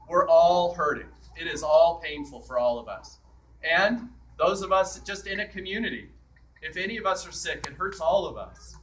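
A man's voice: high voice, a bit bright, recorded from a distance, poor audio. A man preaching a sermon as a priest in a church, in a conversational way that acts out the scripture quotes.

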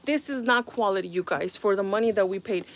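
A woman's voice: medium pitch, fairly quick. A woman vlogging at home with a phone camera, reviewing a handbag in a rambling, exasperated way with frequent sighs. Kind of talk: casual product review vlog.

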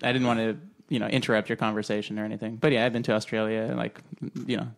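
A man guesting on an improvised comedy chat, deadpan and hesitant, chuckling at his own lines. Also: fairly low pitch, fast talker, vocal fry.

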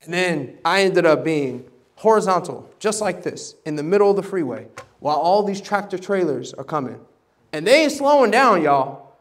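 A man preaching a sermon, animated and dramatic, acting out voices and swinging from loud bursts to hushed tones. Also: sits high, normal speed. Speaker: pastor. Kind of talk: sermon storytelling. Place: church service.

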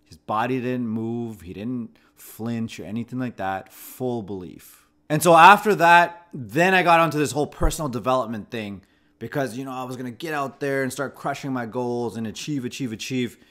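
A man's voice: medium pitch, moderate pace, a bit bright. Reflective man telling his story. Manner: reflective and conversational, often restarting phrases. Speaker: host of a channel about anxiety. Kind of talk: personal story told to camera.

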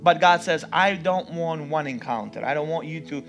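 Dramatic male preacher over soft music. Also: a little high, normal speed. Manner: dramatic, acts out voices, swings between loud and hushed. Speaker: pastor. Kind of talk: sermon. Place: church with live music underneath.

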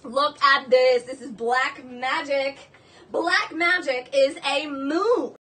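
A woman hosting a live jewelry sale stream, gushing and excitable, exclaiming over each piece. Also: sits high, takes it slowly, far from the mic.

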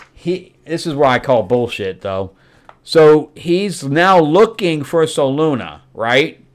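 A middle-aged man hosting a casual comic book review, recapping the plot loosely with fillers and acting out quotes. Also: fairly high pitch. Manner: rambling recap with fillers and quick acted quotes.

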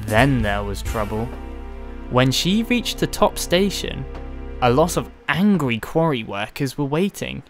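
Storybook narrator, slow, lively pitch, music playing behind.

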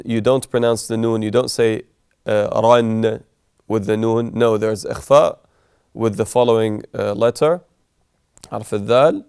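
Male recitation teacher, patient and methodical, with a gravelly, resonant voice and dry close sound. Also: lowish voice, fairly even intonation, unhurried, a little mellow, dry recording. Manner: patient, repeats and contrasts examples; switches into melodic recitation. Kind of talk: explaining recitation rules.

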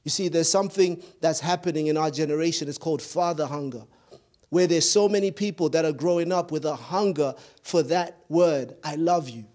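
This man preaches as a pastor in a fairly high, somewhat mellow voice at a fairly quick pace. His cadence is emphatic and repetitive, and he occasionally trips over words, repeating them as he searches for the right one.

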